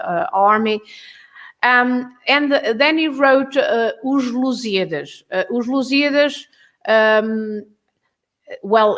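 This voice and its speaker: Portuguese lady teacher explaining stuff on a live show, kinda high voice, lots of ums. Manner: halting, many fillers, warm laughs. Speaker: guest language teacher.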